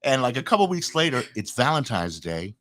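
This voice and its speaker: An older man hosting a casual talk show, telling lively stories, laughing often and acting out what others said. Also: medium pitch, fairly quick, slight background noise. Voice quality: animated storyteller, laughs often, acts out quotes. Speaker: host. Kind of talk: casual chat.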